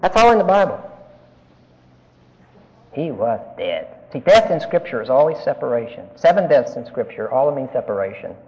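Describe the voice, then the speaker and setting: A man's voice: medium pitch, very animated, moderate pace, in a large hall, dull audio. A man giving an emphatic Bible-teaching lecture, putting questions to his listeners as he explains. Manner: emphatic, asks the class questions.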